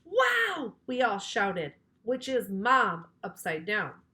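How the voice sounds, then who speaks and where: A woman librarian reading a children's chapter book aloud in an animated, playful, teasing way. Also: mid-range voice, takes it slowly. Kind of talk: children's storybook read-aloud.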